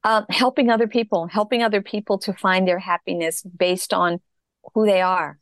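A woman's voice: medium pitch, fairly even intonation, no echo, clean studio sound. A middle-aged woman telling her personal story as an interview guest, reflective and earnest. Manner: reflective, earnest, slow in places.

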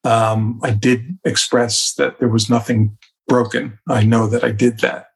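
A man speaking as a podcast guest, a communication coach who tells reflective stories from his work and becomes animated at times. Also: medium pitch, measured pace, creaky. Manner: reflective, anecdotal, animated in places. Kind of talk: conversational storytelling.

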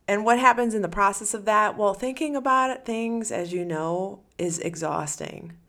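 A woman's voice: mid-range voice, normal speed, fairly bright tone. A woman hosting a solo podcast as a coach, talking casually and animatedly, acting out the listener's inner voice.

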